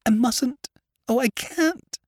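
A man reading aloud voices a distressed young woman who pleads softly and breaks into choked cries. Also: extremely low pitch, big pitch swings, slow, breathy edge, dry recording, studio quality, pitched above the performer's own voice, heavily acted. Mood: choking.

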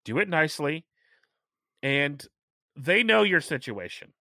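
A middle-aged man hosting a casual chat, talking chattily and stressing key points by slowing down. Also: fairly high pitch, sing-song, sharp tone, no room sound, studio quality. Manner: chatty, emphatic, repeats points slowly for stress.

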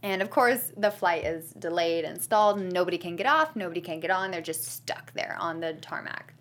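A woman's voice: on the low side, lively intonation, fairly quick, fairly bright tone. Chatty young woman recapping an episode. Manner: chatty, giggly, acts out quotes in shifting voices. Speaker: podcast co-host recapping a TV episode. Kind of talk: casual chat.

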